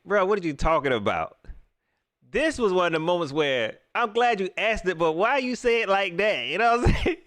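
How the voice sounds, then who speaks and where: Animated, laughing male livestream host. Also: high-pitched, no room sound. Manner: animated, laughing, mocking banter. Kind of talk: live reaction commentary.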